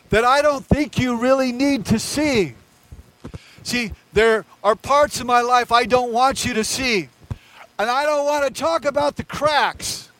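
A man's voice: extremely high pitch, fairly bright tone, a little hiss or hum, heavily acted, low-quality recording. A male pastor voicing the apostle Peter as a stubborn, passionate man who protests emphatically, within a sermon.

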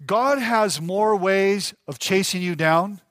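A pastor delivers a sermon in a fairly high-pitched male voice, pressing his points with emphasis and repeating key lines straight to the congregation. The sound is dry and close, with little room echo. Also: slow, fairly bright tone. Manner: emphatic preaching, repeats key phrases, addresses congregation directly.

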